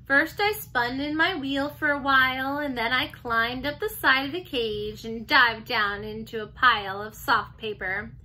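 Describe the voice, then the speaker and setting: A teacher reading a children's chapter book aloud, gentle and expressive. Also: female voice, sits high, unhurried, few pauses, low-quality recording. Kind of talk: storybook read-aloud.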